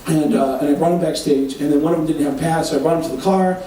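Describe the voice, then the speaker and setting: High-voiced stand-up comedian in echoing hall. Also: male voice, quick pace, a little hiss or hum. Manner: animated, profane storytelling. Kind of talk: stand-up storytelling. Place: live show on a cruise ship. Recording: echoey hall from far off.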